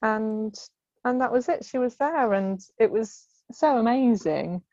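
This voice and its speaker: A woman in her thirties, a podcast guest, tells casual stories from home over a remote call, laughing often and acting out other people's voices. Her voice is fairly high, expressive, unhurried and mellow; the sound is dry and close with no echo, slightly dull and muffled like a call.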